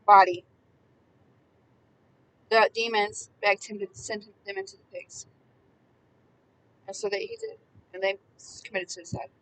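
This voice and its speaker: A woman giving impassioned Bible commentary, emphatic and repetitive, swinging between hushed words and loud ones. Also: mid-range voice, fairly even intonation, a little slow, long pauses, distant mic, poor audio. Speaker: preacher.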